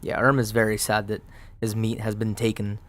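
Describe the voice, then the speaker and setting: A man playing a solo tabletop game, muttering dice counts aloud and narrating the results in a relaxed, casual way. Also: on the low side, moderate pace. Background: faint background music.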